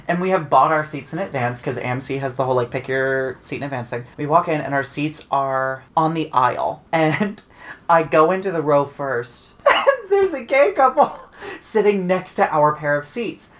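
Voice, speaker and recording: Low-voiced woman, dry storyteller. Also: animated, moderate pace. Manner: dry, self-mocking. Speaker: podcast co-host. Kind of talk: casual storytelling.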